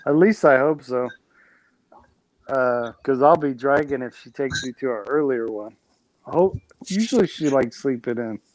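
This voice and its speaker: A man's voice: medium pitch, moderate pace, dry recording, low-quality recording. Chatty man on a dry close mic. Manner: chatty, rambling, laughs at himself. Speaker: live streamer host. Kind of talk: casual chat.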